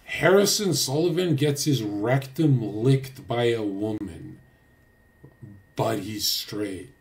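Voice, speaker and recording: A man's voice: mid-range voice, takes it slowly, gravelly. A man livestreaming a casual rant, crude and boastful, swearing often and rambling loosely with restarts. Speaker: streamer.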